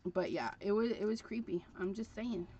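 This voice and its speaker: A woman's voice: mid-range voice, normal speed, dark tone, slight background noise. A woman hosting a crafting livestream, chatting casually and rambling with frequent fillers as she works. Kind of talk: casual chat while crafting. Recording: dull lo-fi livestream audio.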